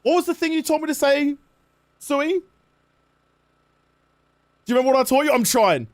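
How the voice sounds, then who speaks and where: A young Australian man chats through a gaming stream in a high voice. He sounds worn out and tired, but keeps up a jokey, self-mocking patter. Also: fairly even intonation, moderate pace. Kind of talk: casual live-stream chat.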